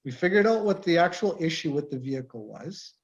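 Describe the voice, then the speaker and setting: Animated male mechanic instructor, muffled call audio. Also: a little high, fairly quick. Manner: animated, tells shop stories, acts out customers. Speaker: automotive course instructor and mechanic. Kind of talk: casual online info session. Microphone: video call.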